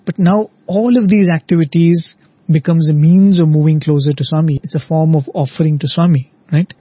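A man's voice: fairly high pitch, fairly even intonation, a little fast, dark tone, breathy edge, no echo. A man giving an earnest, reflective devotional talk, often ending points with a questioning "right?". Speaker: devotional speaker. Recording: dull lo-fi dry recording.

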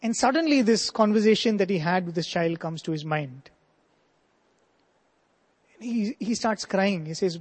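A man's voice: high-pitched, expressive, moderate pace, pauses often, breathy edge. A man telling a devotional story earnestly as a spiritual speaker, with asides like "you know". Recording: long hall reverb.

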